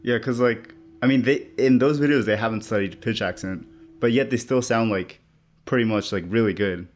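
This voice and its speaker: A man's voice: on the low side, moderate pace, faint music behind. A man hosting a casual podcast chat, asking questions hesitantly with fillers. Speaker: podcast host.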